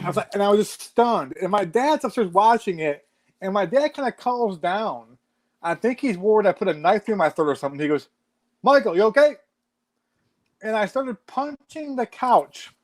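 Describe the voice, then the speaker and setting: Man, 40s, high-pitched, lively casual storyteller who swears freely. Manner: animated storytelling with frequent swearing. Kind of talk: casual chat.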